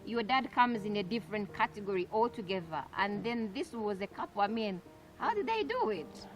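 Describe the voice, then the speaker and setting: A woman's voice: medium pitch, animated, moderate pace, slight background noise. A woman hosting an interview, asking long probing questions full of fillers. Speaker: interview host. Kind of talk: conversational interview. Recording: clear music playing behind.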